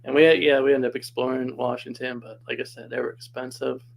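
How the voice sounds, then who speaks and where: A man's voice: medium pitch, little pitch movement, a little fast, gravelly, a little hiss or hum, poor audio. A man casually telling a personal story as a podcast guest, chatty and laughing often.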